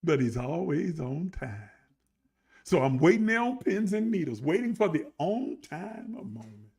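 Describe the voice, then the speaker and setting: A man's voice: fairly high pitch, sing-song, a little slow, darkish tone, breathy edge. A male preacher delivering an emphatic sermon, calling out to his listeners with rhetorical questions.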